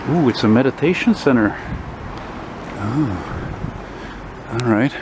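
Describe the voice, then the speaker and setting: An older man vlogging as he walks a city street, rambling and opinionated, a self-described loudmouth. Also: mid-range voice, animated, slow. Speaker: walking vlogger. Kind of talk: casual walking commentary. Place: city street outdoors, walking. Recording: street noise behind.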